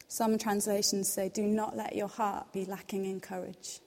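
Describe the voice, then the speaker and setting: Young woman, devotional speaker, earnest and reassuring, mellow tone, long hall reverb. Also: medium pitch, flat delivery, moderate pace, vocal fry, few pauses. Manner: earnest, reassuring, quotes scripture softly. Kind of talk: devotional teaching.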